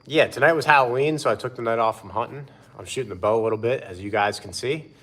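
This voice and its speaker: A man's voice: mid-range voice, quick pace, fairly bright tone. Laid-back man chatting outdoors. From Pennsylvania. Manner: laid-back, answers chat by name. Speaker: livestream host. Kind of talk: casual live-stream chat.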